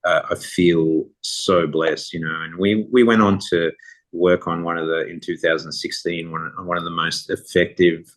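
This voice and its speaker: A middle-aged man with a very low voice that stays level and barely rises or falls. He tells long, rambling anecdotes in a relaxed, casual way as a podcast guest. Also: moderate pace. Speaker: guest photographer. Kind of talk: casual interview storytelling.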